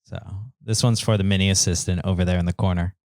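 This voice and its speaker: Low-voiced joking co-host. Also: male voice, fairly even intonation, fast talker, darkish tone, dry recording, clean studio sound. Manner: joking, tells corny jokes. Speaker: podcast co-host. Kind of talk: casual chat. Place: podcast recording room.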